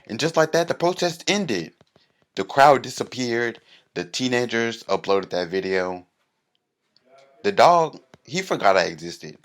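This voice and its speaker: A man telling a comic story, animated and bursting into mock-rally shouting. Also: mid-range voice, a little slow. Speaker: comedian.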